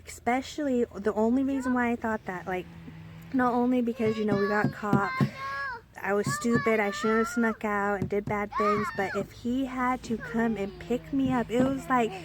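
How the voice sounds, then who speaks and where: A woman's voice: fairly high pitch, animated, moderate pace. A young woman telling a personal story in a casual storytime vlog, rambling with many fillers and restarts. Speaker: storyteller vlogger.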